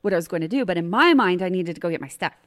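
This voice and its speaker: Animated middle-aged woman telling a story. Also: on the low side, racing, a crowd in the background. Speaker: podcast guest. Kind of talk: telling a personal story in casual chat.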